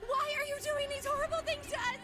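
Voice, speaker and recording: A woman's voice: very high voice, fairly even intonation, fast, bright, forceful tone. A woman voicing a frightened, fragile young woman in a video game, pleading in a trembling, anguished voice. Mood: frantic. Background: game music.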